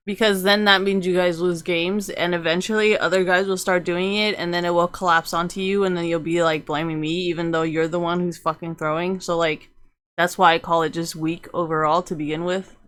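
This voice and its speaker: Bright-voiced young woman, rambling stream commentary. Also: fairly low pitch, little pitch movement, normal speed. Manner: rambling, profane, laughing often. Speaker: game streamer. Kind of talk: casual live game commentary.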